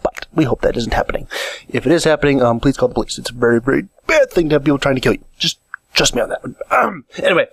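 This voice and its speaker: A medium-pitched, fast-talking podcast host with lively intonation, vocal fry, and a slightly rough edge delivers a casual monologue from a chair in his home. He rambles and restarts often while gesturing, speaking into a condenser mic with an improvised pop filter for a dry recording.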